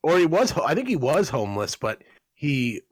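A man's voice: a little high, sing-song, normal speed, breathy edge, no echo. A young man co-hosting a podcast, rambling through crude stories and laughing as he goes. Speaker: podcast co-host. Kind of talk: profane casual storytelling.

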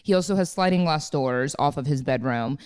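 A woman's voice: brisk, a little mellow, clear, resonant tone. A woman in her thirties, co-hosting a podcast, chatting casually and telling a story with lots of fillers. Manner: chatty storytelling, acts out quotes in a high voice. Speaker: podcast co-host. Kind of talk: casual chat.

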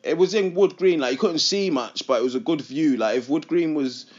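A man's voice: a little high, fairly quick, dull audio. A man in his twenties with a London accent, telling stories in casual slangy podcast chat and laughing often. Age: 20s. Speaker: podcast host.

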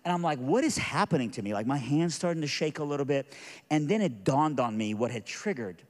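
Middle-aged guy preaching, telling a story, kinda high voice, lots of restarts, big reverby hall. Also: brisk. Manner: animated, rising excitement, many restarts. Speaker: pastor. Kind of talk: storytelling sermon.

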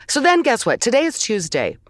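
A woman talks through a frustrating story in casual conversation, sighing and swearing now and then. Her pitch swings widely as she tells it. The sound is dry and close, with no room around her. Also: measured pace, no room sound. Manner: animated, exasperated storytelling with swearing and sighs. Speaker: co-host telling a story. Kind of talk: casual chat.

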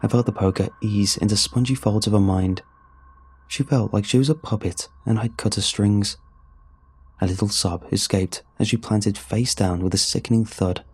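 A man telling a first-person horror story in a grim, measured way. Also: on the low side, darkish tone, husky. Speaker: narrator.

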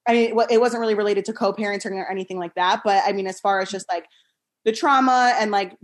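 Candid single mom telling stories. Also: female voice, medium pitch, fairly even intonation, fast talker. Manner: candid, filler-heavy storytelling. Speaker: single mother of four, podcast guest. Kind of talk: casual chat.

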